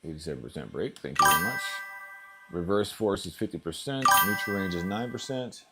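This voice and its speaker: Low-voiced man musing through a live stream. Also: expressive, fairly quick, music in the background. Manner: thinking aloud, trailing off. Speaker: RC hobby channel host. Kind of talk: casual live unboxing chat. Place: home.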